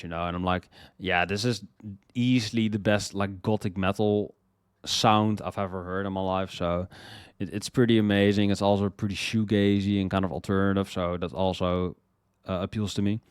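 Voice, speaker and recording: A young man with a smooth, fairly low voice talks casually about songs he loves. He rambles, stumbles over repeated words and swears freely as his excitement builds. The sound is dry and close, with no room around it. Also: dry recording. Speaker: music list host. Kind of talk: casual music commentary.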